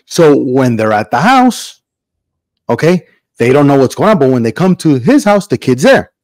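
A middle-aged man hosting a podcast in casual chat, an animated storyteller who acts out quotes in big voices. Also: mid-range voice, normal speed, dry recording. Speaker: podcast host.

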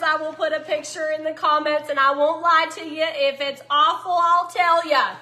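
A high, lively-voiced woman with a Southern US drawl talks her audience through a recipe in a casual cooking vlog. Her tone is bright and folksy, full of self-teasing asides. The sound carries the echo of a home kitchen.

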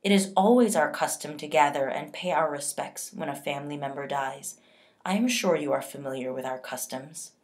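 A woman reading aloud to children, voicing a calm, quick-witted mother who speaks in a raised, measured voice. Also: deep voice, lightly acted. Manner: calm, then falsely eager and chatty.

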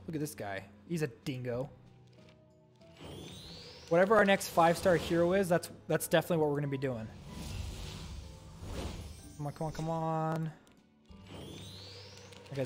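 A man streaming live gameplay, reading out game text and reacting excitably to each summon, pleading and groaning at bad luck. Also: a little high. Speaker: gaming streamer.

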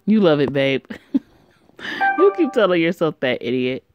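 A woman voicing a spoiled, sharp-tongued young woman who answers curtly and with scorn, in a home-made game drama. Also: low-pitched, sing-song, measured pace, dull audio, loud music behind the voice. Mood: scornful. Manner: scornful and curt.

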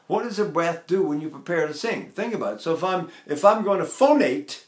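An older male voice teacher with a slightly high speaking voice explains breath and posture. He keeps asking rhetorical questions and breaks into short sung vowels to demonstrate. The room has a noticeable echo. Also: sing-song, fairly quick. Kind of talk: vocal technique lesson.

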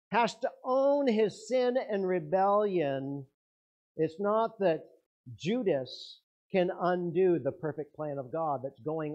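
A man's voice: mid-range voice, muffled recording. A man preaching a sermon as pastor, earnest, his intensity rising and falling.

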